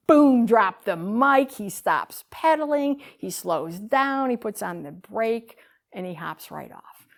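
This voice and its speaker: A woman giving a talk, telling a story with animated swings between loud bursts and hushed lines. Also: medium pitch, slow, gravelly. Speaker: speaker.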